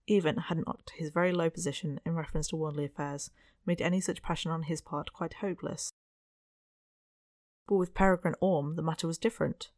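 Dry, measured audiobook narrator. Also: medium pitch, darkish tone, dry recording. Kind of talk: scripted narration of a Victorian novel.

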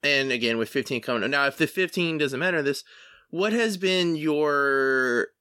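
Man host, bright tense tone, rambling and halting. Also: on the high side, animated, smooth. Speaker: podcast host. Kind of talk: casual interview chat.

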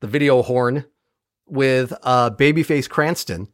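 A man of middle pitch talks casually as a podcast host, retelling a story with wry, profane humor and lively energy. The recording is dry and close, with no room sound. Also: moderate pace, dry recording. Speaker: podcast host recapping an episode. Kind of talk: casual chat.

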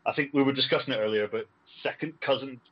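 A man's voice: mid-range voice, fast, highs cut off, a crowd in the background. A man who is a guest on a podcast, chatting casually and chuckling often as he tells a family story. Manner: friendly, chuckling often, agreeable. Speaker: podcast guest, relative of a war escapee. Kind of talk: casual chat.

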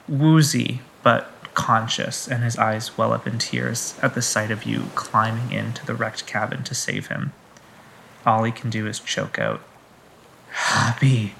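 Gravelly-voiced man narrating a game. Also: mid-range voice, bright, forceful tone, a little hiss or hum, rough recording. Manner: measured descriptive narration. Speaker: game master.

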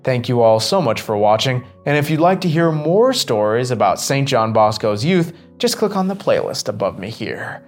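A man narrating a scripted story in an expressive, varied reading. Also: medium pitch, moderate pace, few pauses, soft background music.

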